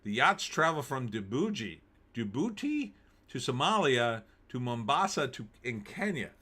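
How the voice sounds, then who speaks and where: A man's voice: mid-range voice, very animated, measured pace, pushed and bright, slightly rough. A man hosting a live stream, reading news aloud and cracking wry, jokey asides with frequent laughs.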